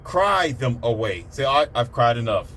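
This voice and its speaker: A man's voice: medium pitch, very animated, normal speed, a bit bright, slight background noise. Blunt preachy man lecturing. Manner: blunt, preachy, repeats himself. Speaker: motivational speaker. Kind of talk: blunt motivational monologue.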